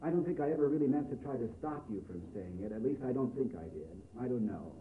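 A man playing a young man who talks to his sister in a low, quiet, blunt and brotherly way. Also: lively intonation, fast talker, distant mic, lightly acted. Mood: earnest. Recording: echoey, phone-like, faint hiss.

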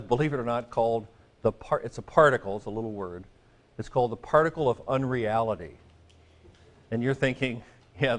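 Middle-aged man, classroom Greek teacher, casual and joking, mid-pitched voice. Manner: chatty, joking asides, frequent "okay?" checks. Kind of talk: classroom lecture.

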